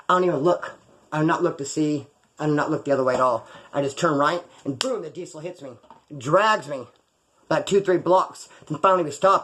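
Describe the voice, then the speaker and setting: Middle-aged man, rapid rambling storyteller, slightly high voice, swears a lot, jokes at his own expense. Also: fairly bright tone. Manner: rambling, profane, jokey. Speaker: ex-prisoner storyteller. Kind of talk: casual storytelling to camera.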